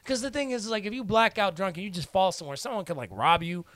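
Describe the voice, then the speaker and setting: A man's voice: high-pitched, fast talker, fairly bright tone, no echo. A man co-hosting a podcast, chatting casually and leaning heavily on fillers. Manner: filler-heavy, lots of "like". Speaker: podcast co-host. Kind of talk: casual chat.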